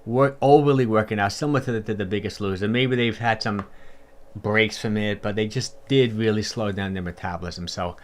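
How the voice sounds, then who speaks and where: Fairly low-pitched and brisk, a man who works as a fitness coach runs a casual livestream, cheerfully replying to viewer comments. His talk is chatty, peppered with fillers and repeats.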